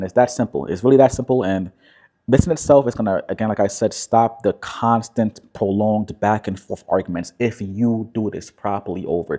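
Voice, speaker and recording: A man speaking as a relationship coach, talking calmly and directly to the viewer, often checking in with "right?". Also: sits low. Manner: calm, repetitive, tag questions like "right?". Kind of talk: direct-to-camera coaching talk.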